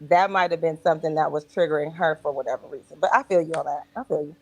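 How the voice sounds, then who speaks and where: Gravelly-voiced woman, conversational. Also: sits low. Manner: conversational, measured, trails off mid-thought. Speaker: podcast co-host. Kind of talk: casual reality-show reaction talk.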